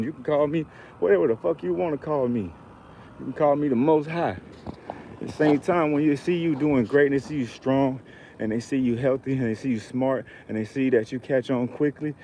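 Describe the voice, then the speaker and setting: A man's voice: mid-range voice, mellow, a little hiss or hum, low-quality recording. A man from Georgia, telling a heated, profane story in a casual rant to camera. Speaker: vlogger.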